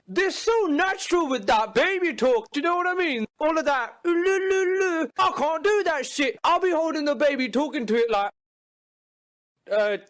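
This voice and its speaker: A man delivering a loud, sarcastic, profane comedic rant to the camera. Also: very high voice. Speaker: comedy video host. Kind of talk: ranting comedic monologue.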